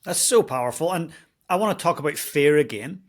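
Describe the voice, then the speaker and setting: A man's voice: a little high, animated, a little fast. A man hosting a podcast interview, asking earnest, probing questions. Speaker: podcast host.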